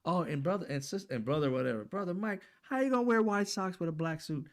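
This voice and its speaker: A man's voice: high-pitched, lively intonation, quick pace, voice pushed up. A man voicing a gossiping churchgoer who mocks other people's clothes in a scandalized tone. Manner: catty, scandalized.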